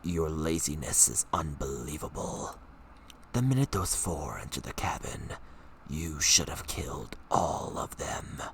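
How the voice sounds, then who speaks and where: A man voicing a sinister inner voice that urges murder, in a slow, hushed half-whisper. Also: a bass voice, expressive, creaky, slight background noise, pitched below the performer's own voice, full character voice. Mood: menacing. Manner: slow and menacing.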